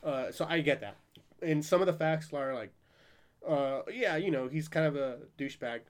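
A man's voice: fairly high pitch, animated, moderate pace. A man hosting a podcast in casual chat, rambling and profane, laughing often. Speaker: podcast host.

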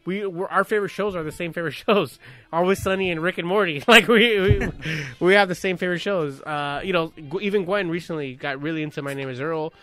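A man in his thirties chatting casually, telling a profane, animated story and acting out quotes. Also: sits high, brisk, faint music behind. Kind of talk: casual chat.

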